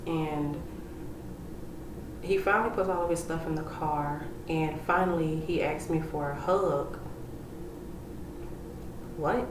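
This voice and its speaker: A woman in her thirties with a low voice recounts a frightening personal story for her vlog, intense and breathless, full of "like" fillers. She sits back from the camera mic in an echoey room. A steady hiss of noise runs behind her. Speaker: vlogger telling a personal story. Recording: roomy echo, distant from mic, with background noise.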